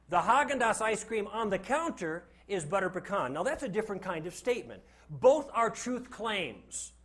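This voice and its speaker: A man's voice: high voice, a bit bright. A man giving a classroom lecture to a live audience, joking and putting rhetorical questions to the class.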